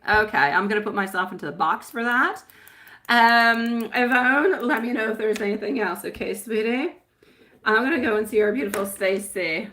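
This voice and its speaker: A woman's voice: on the high side, normal speed, pushed and bright. A woman giving a live-stream tarot reading, chatty and affectionate, often laughing at herself.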